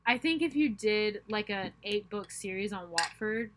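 A young woman co-hosting a book podcast, joking around and cutting in with quick remarks. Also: medium pitch, animated, background noise. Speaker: podcast co-host. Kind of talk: casual chat.

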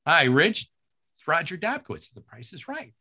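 Man impersonating a middle-aged TV producer on a call: friendly, businesslike, slightly raised pitch, bright. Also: very animated, moderate pace, slightly rough, exaggerated voice. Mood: upbeat. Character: chipper middle-aged male TV producer on the phone.

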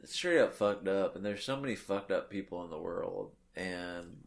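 A man's voice: low-pitched, animated, normal speed, gravelly. A man co-hosting a podcast, talking in loose, profane, slightly drunk banter. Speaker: podcast co-host. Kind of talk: casual podcast chat.

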